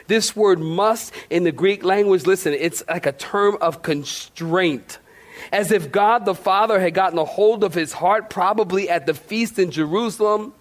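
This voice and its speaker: A male pastor preaching a sermon in church, animated and playful, acting out the people in his comic stories. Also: high voice, moderate pace. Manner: animated, playful, acts out shouting voices. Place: church sanctuary.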